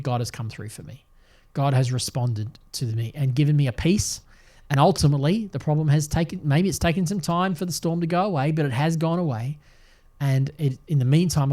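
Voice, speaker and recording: An older man gives a devotional podcast talk, earnest and reflective, often restarting a phrase as he thinks. His voice sits a little higher than most men's. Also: darkish tone. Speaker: podcast host and Bible teacher.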